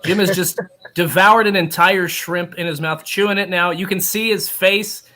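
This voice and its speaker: A man's voice: high-pitched, steady tone, normal speed, bright, forceful tone. A man, a guest on a sports radio show, doing joking play-by-play of the host eating. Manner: playful, laughing, narrating like a play-by-play caller. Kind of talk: mock play-by-play commentary.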